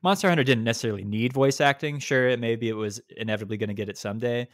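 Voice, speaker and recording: A man in the middle of a casual gaming podcast, venting at length and tripping over his own restarts. His voice sits at an ordinary middle pitch. The close microphone sounds dry, with no room around it. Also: very fast, no room sound. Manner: animated, ranting, lots of restarts. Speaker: podcast co-host.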